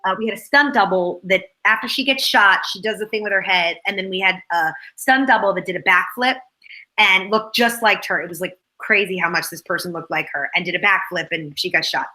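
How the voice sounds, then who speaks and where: Bright-voiced woman telling set stories. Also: mid-range voice, fairly quick, poor audio. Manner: rambling behind-the-scenes storytelling. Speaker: actress, interview guest. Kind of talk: casual chat.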